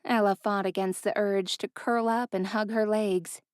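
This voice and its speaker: A woman narrating a fantasy romance audiobook in an even, clear storytelling voice. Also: mid-range voice, normal speed, no room sound, studio quality. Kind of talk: scripted narration.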